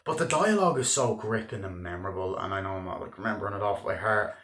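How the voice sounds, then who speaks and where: A man's voice: on the low side, a little fast, hardly any pauses, a bit bright. A man giving a loose, chatty spoken film review, heavy on filler words and swearing freely. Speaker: movie reviewer. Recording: echoey room.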